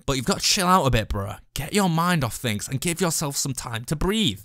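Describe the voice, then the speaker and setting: A man voicing a laid-back young male friend who talks calmly and easily. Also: a little high, a little fast, no room sound, clean studio sound. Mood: easygoing.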